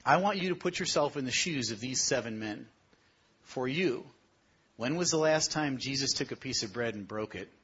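A man preaching a sermon. He asks the congregation direct questions, climbs to emphatic peaks and then drops low and quiet. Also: slightly rough. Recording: dull lo-fi sermon recording.

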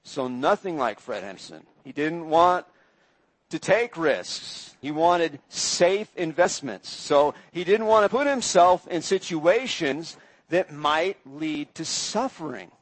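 A man preaching a sermon, retelling scripture in measured storytelling and voicing quoted speakers with feeling. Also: fairly high pitch, expressive, dry recording, poor audio. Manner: measured storytelling, acts out quoted voices with rising intensity.

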